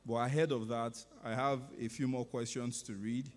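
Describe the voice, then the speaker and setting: A man moderating a public forum, calmly reading out audience questions and keeping order. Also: mid-range voice. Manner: measured, reads out audience questions. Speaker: event moderator. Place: large conference hall. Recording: long hall reverb.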